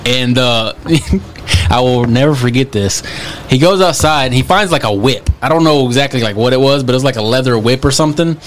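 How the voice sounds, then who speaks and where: A man's voice: medium pitch, a little fast, a little hiss or hum. Rambling man telling a story. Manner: rambling storyteller, lots of fillers and repeats. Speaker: podcast co-host. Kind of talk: casual chat.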